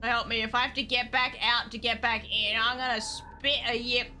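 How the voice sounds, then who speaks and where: This woman's voice is slightly high, pushed, and bright, with a flat delivery at a moderate pace, and faint music plays behind her. Streaming a video game, she offers live commentary, talking under her breath, cursing freely, and humming bits of nonsense.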